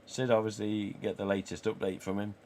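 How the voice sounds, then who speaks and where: A mellow, fairly low voice with a level tone comes through a little fast, over slight background noise. He's a man in his forties from England, English accent and all, chatting on a casual live stream, swearing freely and acting out the lines he quotes.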